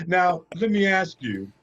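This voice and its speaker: Husky-voiced male co-host, lively pitch. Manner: encouraging, affirming interjections. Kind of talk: casual interview. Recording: dull, lo-fi sound.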